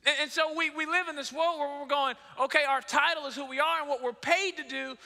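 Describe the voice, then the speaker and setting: A high, strikingly bright male voice preaches with lively storytelling and self-mocking humor. He acts out conversations and swings between hushed moments and excited bursts. A long reverb from a large hall trails every phrase. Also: fairly quick. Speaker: pastor. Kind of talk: sermon.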